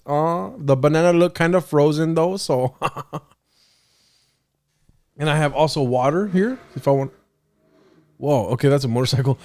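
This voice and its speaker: A young man chats on his own podcast, with a voice pitched a little higher than most men's. He rambles from one thing to the next, pokes fun at himself and breaks into laughter often. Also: a little mellow. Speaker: podcast host. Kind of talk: casual solo podcast chat.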